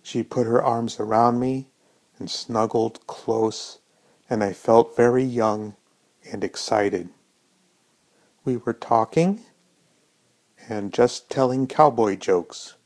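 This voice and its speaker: A man with a gravelly voice reading a first-person story in a slow, reflective way. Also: mid-range voice, a little mellow.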